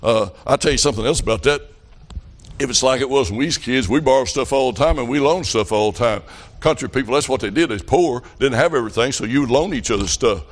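Preacher telling folksy stories. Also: male voice, medium pitch, fast talker. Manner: folksy storytelling that builds to shouted preaching. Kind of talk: revival sermon.

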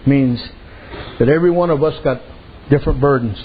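A pastor from a Native American reservation community preaches a sermon, spinning folksy stories and acting out the voices of the people in them. His voice is medium-pitched, brisk and narrow. The audio sounds tinny, with a little hiss or hum.

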